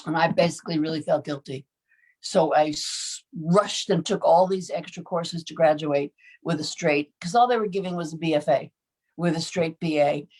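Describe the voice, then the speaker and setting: A woman's voice: low voice, moderate pace. A woman in her seventies, an actress recounting her early career in an interview, telling stories with frequent chuckles and acted-out voices. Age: 70s. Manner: lively storyteller, chuckles often, acts out quoted voices. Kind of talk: anecdotal storytelling in an interview.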